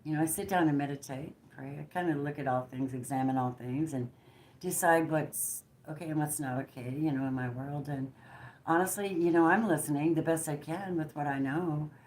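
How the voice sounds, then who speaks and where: A woman giving a spontaneous channeled tarot reading, emphatic and preachy, moving between hushed and forceful and swearing bluntly. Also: sits low, normal speed. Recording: roomy echo with faint background noise.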